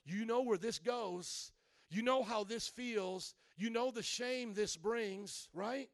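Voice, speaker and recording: A man preaching a sermon as pastor, animated, acting out little scenes and calling out to the congregation. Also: high-pitched, slow pace, dry recording, studio quality.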